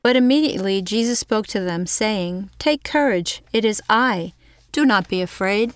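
A woman co-hosting a Bible teaching show, reading scripture aloud with a steady, careful delivery. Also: medium pitch, moderate pace, smooth, no room sound. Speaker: co-host and scripture reader.

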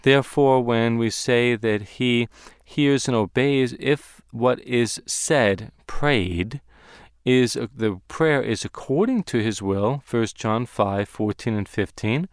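A man teaching a Bible lesson on Hebrew words, speaking deliberately and slowing down to stress key words. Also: medium pitch, clean tone, no room sound, clean studio sound.

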